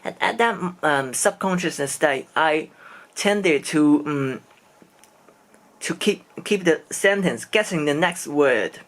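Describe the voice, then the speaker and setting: Vlogger, male, slightly higher voice, unhurried and hesitant delivery, casual storytelling. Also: animated, a bit bright. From China. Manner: hesitant, searching for words in non-native English. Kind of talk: casual first-person storytelling.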